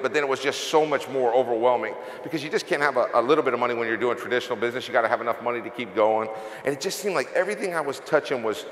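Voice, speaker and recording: A middle-aged company CEO gives an emotional, confessional motivational speech from the stage of a large event hall, telling his story earnestly. His voice is mid-range and a bit bright, and the hall is echoey with long reverb.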